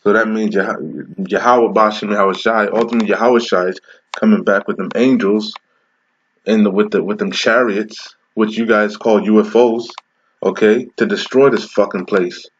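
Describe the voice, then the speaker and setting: A low-voiced man preaching in a confrontational, profane way, reading verses slowly and breaking them down while asking "okay?" again and again. The recording is dull and lo-fi. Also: steady tone, slightly rough. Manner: slows down to read verses aloud. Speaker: street preacher. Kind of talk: scripture reading with commentary.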